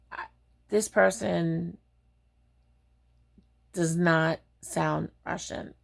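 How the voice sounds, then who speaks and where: A woman tells a personal story in a casual, chatty way, blunt and full of fillers as she acts out both sides of a conversation. Her voice sits a little low and has a gravelly, fried texture. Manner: frequent fillers like "like" and "um".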